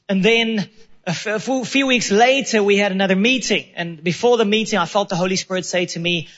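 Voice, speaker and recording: A man's voice: sits high, a bit bright, dull audio. A man preaching a sermon, telling a personal story in an earnest, self-deprecating way, with quoted asides. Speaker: pastor.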